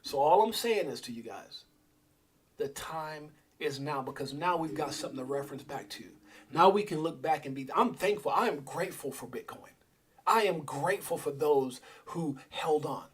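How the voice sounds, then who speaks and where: A man's voice: fairly high pitch, lively intonation, moderate pace, breathy edge. A middle-aged man hosting a crypto livestream, preaching in a fired-up motivational rant and calling out viewers by name.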